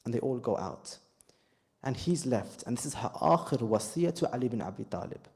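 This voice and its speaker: A man narrating a slow, grieving story as a sermon speaker in a mosque, with heavy pauses. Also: mid-range voice, expressive, vocal fry, a little mellow. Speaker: majlis speaker.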